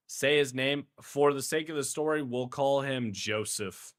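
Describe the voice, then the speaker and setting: A man's voice: mid-range voice, measured pace, hardly any pauses, a bit bright. A playful, goofy young man with a Houston accent, chatting casually with his stream viewers in heavy slang and laughing often.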